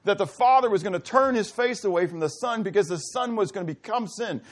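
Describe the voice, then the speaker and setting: A man with a slightly high voice preaches a sermon in a relaxed, conversational manner. He keeps asking his listeners questions and acts out small bits of dialogue. His voice often sinks low and soft in those moments. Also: a little fast. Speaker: pastor.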